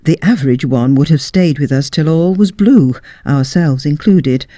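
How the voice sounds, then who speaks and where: A narrator reading a period story aloud with expressive delivery. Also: mid-range voice, moderate pace, dry recording, clean studio sound.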